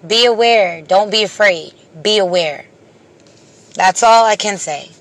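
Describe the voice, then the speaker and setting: A vlogger speaks straight to viewers with a bright, forward voice. The talk is impassioned and casual, full of repeated, emphatic phrases in a preachy rhythm. The voice often sinks and fades at the end of a line. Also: mid-range voice, unhurried.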